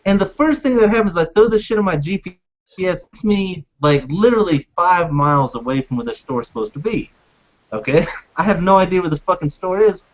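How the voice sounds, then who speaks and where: A man with a fairly high voice rants with exasperation as a podcast host, and he swears freely. The audio is dull and lo-fi. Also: lively intonation, fairly quick. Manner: profane, exasperated storytelling. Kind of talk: casual podcast rant.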